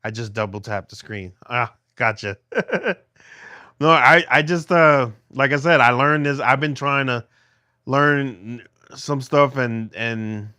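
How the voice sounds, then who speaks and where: A man's voice: medium pitch, slow, pushed and bright, no echo, clean studio sound. A middle-aged man livestreaming from a phone held in his hand at home, chatting with viewers in a rambling way with many restarts. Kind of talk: casual livestream chat with viewers.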